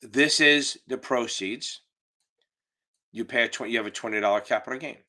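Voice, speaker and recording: A man runs a live exam-prep class through his computer mic. His voice is bright and forward, and he explains at an easy pace. He jokes around and drops the odd swear word as he goes. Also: medium pitch, normal speed. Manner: casual, profane, joking teacher. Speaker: exam tutor. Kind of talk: live online Q&A lesson. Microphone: computer mic on a video call.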